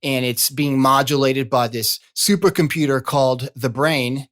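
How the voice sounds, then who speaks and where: A man's voice: medium pitch, fairly even intonation, a little slow, fairly bright tone. A man hosting his own podcast as a coach, talking in a chatty, folksy way with repeated asides. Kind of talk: casual solo podcast talk.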